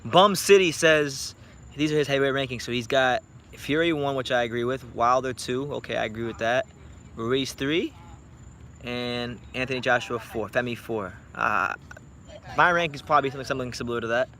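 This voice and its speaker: A man's voice: mid-range voice, normal speed, a bit bright, a little hiss or hum. A young man from South Florida, talking boxing in a blunt, profane, joking late-night vlog chat. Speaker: boxing YouTuber.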